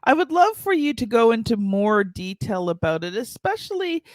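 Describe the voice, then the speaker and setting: A woman's voice: on the high side, big pitch swings, moderate pace, no room sound. Dry-sounding podcast host woman. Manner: reads the guest intro, then asks warm open questions. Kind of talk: podcast interview.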